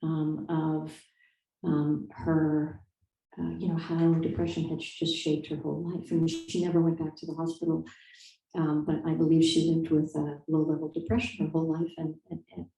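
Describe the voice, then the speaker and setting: A woman's voice: deep voice, monotone, moderate pace, vocal fry, warm tone. Distant, echoey woman author, thoughtful. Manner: thoughtful, hesitant, many fillers and restarts. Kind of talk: conversational interview. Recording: echoey room, distant mic.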